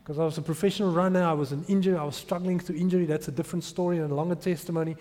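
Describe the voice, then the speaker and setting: A man in his thirties delivers a heartfelt sermon testimony, his slightly high voice swelling into loud emphasis. The sound carries a long reverb from a big hall. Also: fairly even intonation, very fast. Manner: emotional storytelling, rising to loud emphasis. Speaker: preacher.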